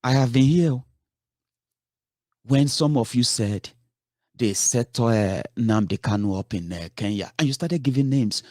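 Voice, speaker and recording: A man's voice: mid-range voice, measured pace, pauses often, a little mellow, no room sound, studio quality. A man giving a heated political commentary, scolding his listeners with rhetorical questions and swearing.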